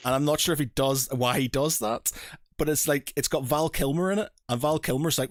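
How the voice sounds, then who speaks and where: A man's voice: a little high, animated, brisk, no room sound, studio quality. A man, hosting a casual podcast chat, rambling with many fillers and frequent laughs. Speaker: podcast host.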